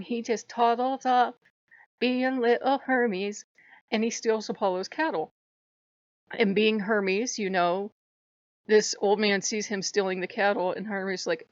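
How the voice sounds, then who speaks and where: A woman hosting her channel, telling myths casually with an animated, irreverent manner, on a dull lo-fi recording. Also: medium pitch, unhurried, no echo. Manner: animated, irreverent, laughs often. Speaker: channel host. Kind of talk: casual mythology storytelling.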